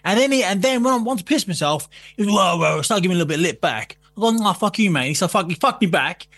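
A man's voice: sits high, expressive, very fast, fairly bright tone. A man telling a story in casual chat, swearing freely, acting out quotes and laughing often. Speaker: guest.

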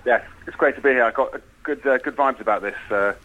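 A man in his forties telling a comic story on a chat show, laughing often as he pitches a film idea. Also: fast talker, pushed and bright, dull audio.

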